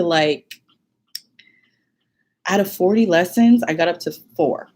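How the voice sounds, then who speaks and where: A woman vlogger telling a personal story in an animated, casual way, full of fillers and laughs. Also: on the low side, breathy edge. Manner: animated, many fillers, laughs while talking.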